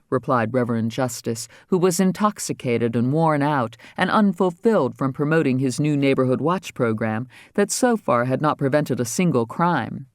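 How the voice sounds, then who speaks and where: A man reading a crime novel aloud as audiobook narrator, wry and steady. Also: medium pitch, moderate pace, few pauses, dry recording, studio quality. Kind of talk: scripted narration.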